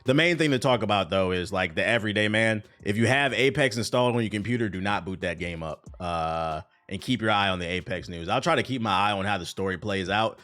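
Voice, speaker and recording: A man's voice: on the low side, quick pace, few pauses, a bit bright. A man streaming live, casually and profanely commenting on gaming news and talking to his chat. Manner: profane, rambling, talks to chat. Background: music beat playing.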